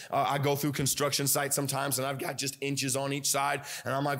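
Preaching man, halting with fillers. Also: mid-range voice, monotone, a bit bright. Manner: preachy, with many fillers and restarts. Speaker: pastor. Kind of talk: sermon. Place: church sanctuary.

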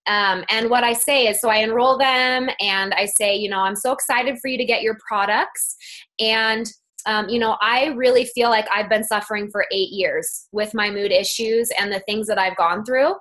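Over a phone or conference-call line, a guest woman coaches a sales team with eager, chatty motivation, using many fillers and restarts. Her mid-range voice is fairly bright, with a steady tone and moderate pace.

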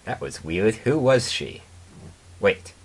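A man's voice: fairly low pitch, big pitch swings, takes it slowly, husky, pitched above the performer's own voice, heavily acted. A man voicing a gloomy, puzzled young male alicorn pony in a raised, plaintive voice for a comedic fan-fiction reading.

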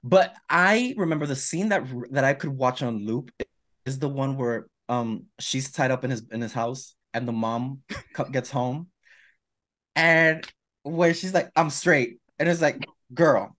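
A man's voice: mid-range voice, a little slow, fairly bright tone. A man co-hosting a podcast, chatting casually and gushing with lots of stumbling restarts. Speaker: podcast co-host. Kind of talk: casual chat.

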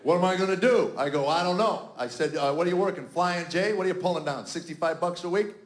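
A man's voice: sits high, quick pace. A man in his fifties doing stand-up comedy, acting out arguments with his family as an exasperated dad. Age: 50s. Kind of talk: stand-up storytelling. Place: stage before a live audience. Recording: roomy live venue sound.

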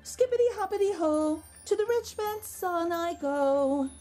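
Woman doing a high sing-song magic wok. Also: takes it slowly, darkish tone, soft background music. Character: cheeky magic cooking wok, singing.

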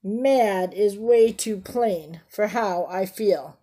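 Reading a picture book aloud to children, a woman often pauses to ask about the pictures and explain fancy words. Her voice is medium-pitched, slow, and mellow.

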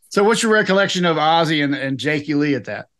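A man's voice: on the high side, a bit bright. A man hosting a casual interview, telling a story in a chatty way before putting a question to his guest. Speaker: host.

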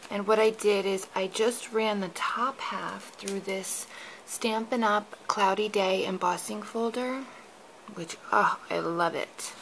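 A woman hosting a card-making tutorial, describing her work in a soft, often half-whispered voice. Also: medium pitch, fairly even intonation, slow, gravelly, slight background noise, poor audio. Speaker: papercraft tutorial host.

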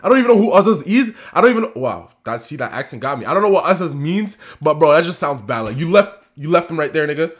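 Man, from the US, reaction host, very animated pitch, loud outbursts, muttered asides. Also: quick pace, few pauses. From United States. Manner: excitable, swings between muttering and shouting, heavy slang. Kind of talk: casual reaction commentary.

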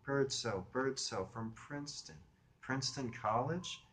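A man's voice: medium pitch, a little slow, a bit bright, slight background noise, pitched above the performer's own voice, natural voice. A man reading a book aloud, voicing a brusque woman woken late at night who snaps at first and then turns coy. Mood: irritated. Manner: raised, prickly, then coy. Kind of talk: audiobook reading.

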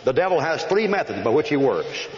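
A folksy preacher with a fairly high voice, joking with his congregation and rattling off long lists. He speaks in a church hall with long, booming reverb. The old recording sounds dull and lo-fi, with faint hiss underneath. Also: sing-song. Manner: folksy, joking, rapid listing. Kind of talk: folksy sermon.

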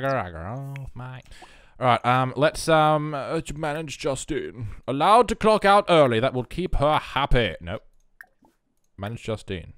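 An excitable man, rambling through casual gameplay commentary and bursting into shouts. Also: mid-range voice, dry recording. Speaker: game streamer.

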